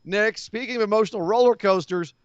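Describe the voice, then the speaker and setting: An excitable, jokey man co-hosts a casual podcast. His voice is high and smooth. It comes through a dull, dry microphone. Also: a little fast, no room sound. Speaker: podcast co-host. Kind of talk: casual live podcast chat.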